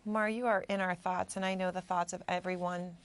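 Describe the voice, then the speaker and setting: A woman news anchor interviewing a guest, asking gentle, measured, sympathetic questions. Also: fairly low pitch, level tone.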